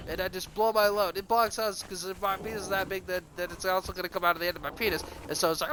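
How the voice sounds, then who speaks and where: A streamer telling a crude, rambling, self-mocking comic story. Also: male voice, sits high, fast talker, hardly any pauses, noisy background.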